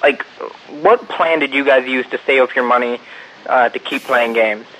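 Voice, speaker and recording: Bright-voiced young listener caller. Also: male voice, medium pitch, normal speed, low-quality recording. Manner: exasperated, crude, rambling. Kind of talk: recorded voicemail question.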